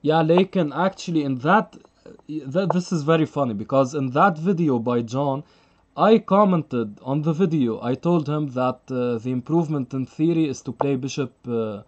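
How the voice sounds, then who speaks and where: A man's voice: a little high, normal speed, highs cut off. A man commentating live chess on a stream, chatty and thinking aloud, laughing often and reading out the chat.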